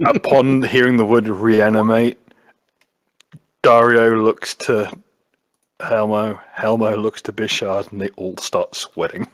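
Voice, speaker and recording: A man's voice: fairly low pitch, little pitch movement, slow pace, no room sound. A man narrating as game master of a tabletop game, with a dry, wry delivery.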